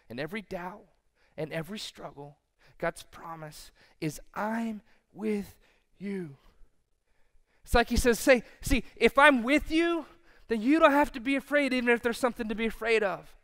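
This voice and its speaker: Preaching a sermon in an extremely high-pitched, smooth male voice, this pastor moves from booming declarations to quiet lines and plays out the reactions of his listeners.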